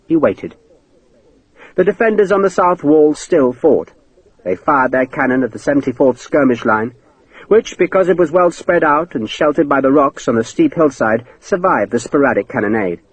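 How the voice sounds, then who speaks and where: A man narrating an audiobook in a dramatic, expressive way. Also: mid-range voice, breathy edge, dry recording, poor audio. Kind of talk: scripted narration.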